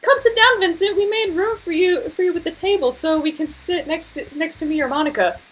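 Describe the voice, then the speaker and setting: A woman's voice: very high voice, brisk, fairly bright tone, faint music behind, pitched above the performer's own voice. A woman voicing a bubbly, eager teenage schoolgirl in a game reading. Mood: cheery.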